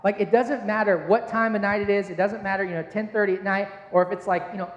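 High-voiced man preaching in an echoey hall. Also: fairly even intonation, quick pace, lo-fi sound. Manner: conversational, self-deprecating, anecdotal. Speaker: pastor. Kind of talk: sermon with personal storytelling. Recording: echoey hall with long reverb.

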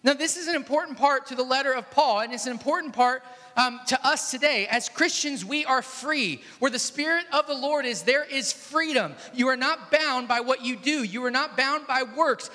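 High, bright-voiced male pastor in an echoey hall. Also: moderate pace. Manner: conversational, storytelling, jokes with the congregation. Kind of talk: sermon. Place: large church hall.

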